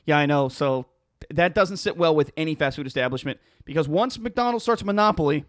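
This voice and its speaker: A man co-hosting a comedy podcast, chatting casually and cracking deadpan jokes. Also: on the high side, fairly quick, dry recording, studio quality. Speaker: podcast co-host.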